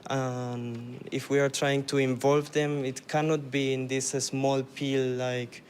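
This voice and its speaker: Flat-voiced man, hesitant question. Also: medium pitch, slow, slight background noise. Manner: hesitant, restarting, many fillers. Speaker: audience member asking a question. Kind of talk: question from the floor.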